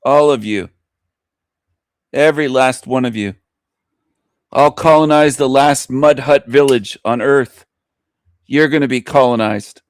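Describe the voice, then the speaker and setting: A man hosting an online talk show, in a boastful, goading rant that he breaks with his own laughter. His voice sits at an ordinary middle pitch. The recording is close and dry, with almost no room sound. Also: no echo. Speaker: host of a live internet talk show. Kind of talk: provocative monologue rant.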